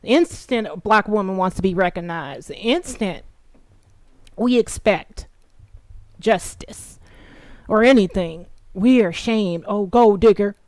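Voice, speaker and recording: A woman delivering an angry, profane vlog monologue, swinging from low mutters to shouted taunts. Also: expressive, slow, long pauses, no room sound. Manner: sarcastic taunting, emphatic repetition. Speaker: political commentary vlogger.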